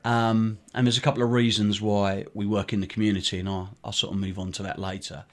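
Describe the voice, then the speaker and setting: A man's voice: fairly low pitch, little pitch movement, a little fast. A middle-aged man, a charity director, telling a story in an interview in a rambling way with many fillers and restarts. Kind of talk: conversational storytelling.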